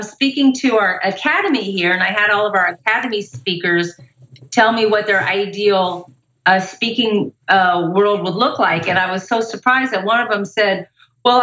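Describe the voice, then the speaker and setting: A middle-aged woman with a bright, forceful voice tells a lively story as a motivational speaker. She sounds upbeat and energetic, and her voice carries through an echoey room. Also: medium pitch, normal speed. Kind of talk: casual interview storytelling.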